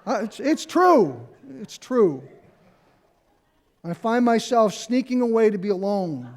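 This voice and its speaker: High-voiced man preaching a sermon. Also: big pitch swings, takes it slowly, darkish tone. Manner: conversational preaching with repeated phrases and asides. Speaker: pastor. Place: church sanctuary.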